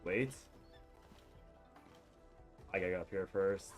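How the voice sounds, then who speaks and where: A man's voice: deep voice, takes it slowly, soft background music. A man streaming a game, chatting casually and rambling with jokes, swearing and frequent laughter while tired and yawning. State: sleepy, yawning. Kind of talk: casual live-stream commentary while playing.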